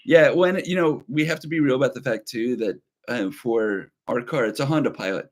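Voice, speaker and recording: A man's voice: mid-range voice, moderate pace. A man in his thirties co-hosting a casual livestream, chatty and rambling as he reads viewer comments aloud. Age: 30s. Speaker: livestream co-host.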